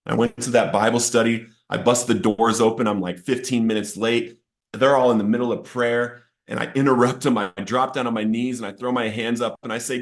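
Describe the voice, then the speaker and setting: A man's voice: mid-range voice, steady tone, a little fast. A man sharing a personal testimony of addiction and recovery, earnest and emotional, his voice rising sharply at the intense moments. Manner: earnest, emotional storytelling, rising to near-shouting at peaks. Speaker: testimony speaker.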